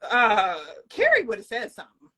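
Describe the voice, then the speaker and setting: A woman's voice: fairly high pitch, wildly swooping pitch, moderate pace, pushed and bright. A middle-aged woman co-hosting a casual chat, talking in an emphatic, chatty way. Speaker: co-host.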